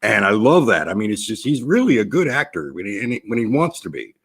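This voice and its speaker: A man's voice with a husky, slightly breathy edge that moves a lot in pitch as he talks. He speaks in casual panel chat, delivering wind-ups with a straight face. Over time the deadpan gives way to laughter. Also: fast. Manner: deadpan trolling with a poker face, breaking into laughter.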